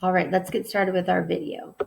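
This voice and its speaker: Woman teacher, gravelly fry-heavy voice, recorded lesson, reads examples with emphasis. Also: lowish voice, flat delivery, a little fast, background noise. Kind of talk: remote classroom lesson.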